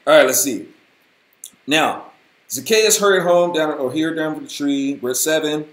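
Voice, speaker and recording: Folksy animated man teaching the Bible. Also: on the high side, measured pace, echoey room. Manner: animated, folksy, slangy preaching. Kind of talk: casual Bible study talk.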